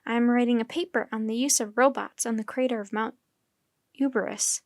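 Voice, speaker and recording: A woman's voice: a little high, steady tone, a little mellow, dry recording, studio quality, natural voice. Woman doing an earnest woman scientist. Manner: measured, formal self-introduction.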